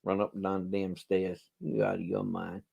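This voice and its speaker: A man's voice: low-pitched, completely flat delivery, normal speed, vocal fry, a little mellow, husky, muffled recording. A man, a preacher hosting a charity live stream from home, rambling and joking and laughing at his own lines. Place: home, indoors.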